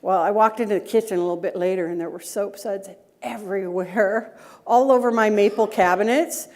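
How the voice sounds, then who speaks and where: With a brisk pace and a darkish mid-range voice, a middle-aged woman presents a breakout talk at a conference. As a data governance director, she weaves in personal stories and rhetorical questions for the audience.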